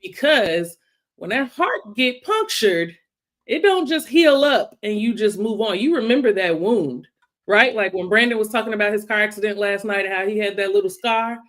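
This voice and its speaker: A woman's voice: medium pitch, lively intonation, moderate pace, fairly bright tone. Reflective woman co-hosting a talk show. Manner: thoughtful, self-questioning. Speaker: co-host.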